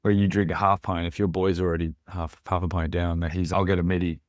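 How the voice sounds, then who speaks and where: A man, a musician guest on a podcast, rambling through animated anecdotes and restarting his sentences. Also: low-pitched, fast talker, no echo. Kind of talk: casual chat.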